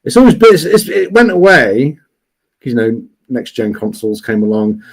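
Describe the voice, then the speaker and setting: A man chatting casually as a guest on a livestream, rambling with many restarts and fillers, talking loudly. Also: medium pitch, big pitch swings, moderate pace, rough recording. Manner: says he is always loud.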